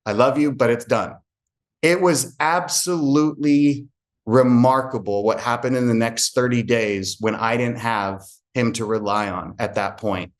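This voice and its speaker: A man who works as a real estate agent tells an earnest personal story to a group and acts out remembered conversations. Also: medium pitch.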